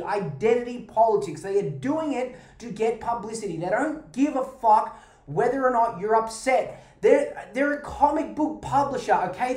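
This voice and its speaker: A woman's voice: a little high, darkish tone, echoey room. A woman hosting a podcast, ranting in a heated, sarcastic way with plenty of swearing. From Australia. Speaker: podcast host.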